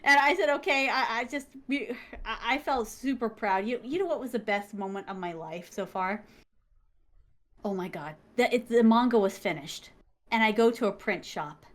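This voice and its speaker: A woman guest telling a heartfelt, excitable story, acting out the people she quotes and laughing often. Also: a little high, moderate pace. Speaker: interview guest, manga creator. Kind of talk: animated storytelling.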